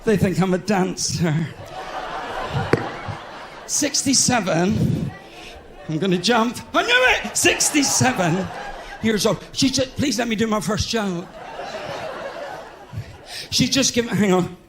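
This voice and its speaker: A man's voice: high-pitched, slow, long pauses, noisy background. A man with a West Country English accent doing live stand-up comedy in a large theatre, chatty and self-mocking as he banters with the crowd. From England.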